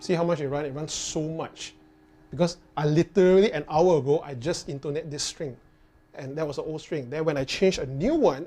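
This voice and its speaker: A man with a Malaysian English accent who works as a guitar tech, answering viewer questions in a casual live stream. He talks bluntly and swears freely, often restarting his sentences. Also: a little high. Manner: blunt, profane, animated, with frequent restarts.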